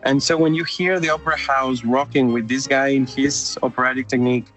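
A man's voice: mid-range voice, brisk, soft background music. Enthusiastic man with a Mexican accent. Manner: enthusiastic, animated, lots of fillers. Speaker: opera company director. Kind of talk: interview answers.

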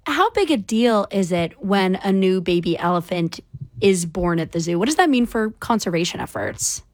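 A woman hosting a radio show, introducing segments and interviewing a guest in a bright, conversational way. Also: medium pitch, lively intonation, normal speed, dry recording. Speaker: radio host.

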